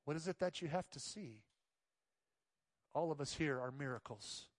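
A man preaching a sermon as pastor, telling the story with lively acted-out quotes and dropping to soft pleading tones. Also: on the high side, normal speed, no room sound, studio quality. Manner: animated storytelling, acts out voices of disciples.

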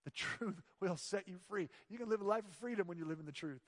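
High-pitched man preaching in a hall. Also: fast. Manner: swings from loud emphatic lines to hushed soft ones. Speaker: pastor. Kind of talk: sermon.

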